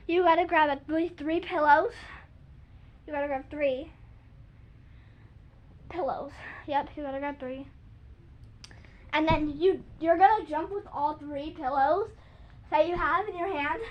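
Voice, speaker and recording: A woman's voice: high-pitched, unhurried, pauses often. A young girl chattily explaining silly jumping tricks for her video, full of "like" and little sung bits. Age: child. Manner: chatty, giggly, lots of "like", sings silly bits. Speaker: kids' video host. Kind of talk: casual chat showing jump tricks. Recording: dull lo-fi home recording.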